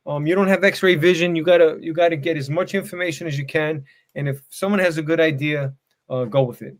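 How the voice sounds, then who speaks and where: A man's voice: a little high, fairly even intonation, fairly quick. A man in his sixties, a retired fire battalion chief, giving tips and stories in a casual podcast interview, rambling easily and leaning on "you know" and "man".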